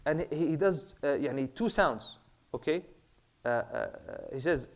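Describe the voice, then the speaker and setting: A man with a slightly high voice teaches Islamic prayer law in a loose, chatty way. He drops Arabic terms into his English and often stops to repeat himself or fill gaps with "uh" and "um". His throat is a little rough. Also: moderate pace. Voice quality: clears throat, says he has a bad throat. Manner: relaxed, mixes Arabic terms into English, many fillers and repeats. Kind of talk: casual classroom lecture.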